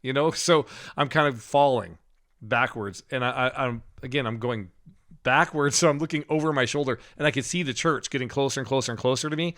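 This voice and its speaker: A middle-aged man on a podcast, telling a personal story in casual talk, with frequent laughs and halting restarts. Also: medium pitch, fairly bright tone. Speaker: podcast co-host.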